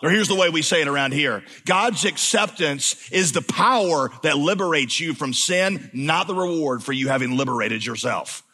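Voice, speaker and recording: A man preaching a sermon in a church, dropping to a slow hush for emphasis, then rising to loud exclamations. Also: on the high side, animated, breathy edge. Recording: long hall reverb.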